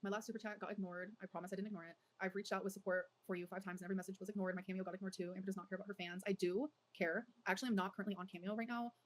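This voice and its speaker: A woman's voice: medium pitch, little pitch movement, racing, few pauses. A woman chatting casually on a livestream, rambling and filling her speech with "like". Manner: rambling, heavy use of "like".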